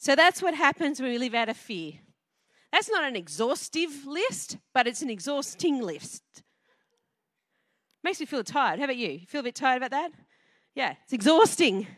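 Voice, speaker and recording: High-voiced woman preaching a lively sermon. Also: normal speed, no echo, clean studio sound. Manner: lively and conversational, asks the congregation questions. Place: church before a congregation.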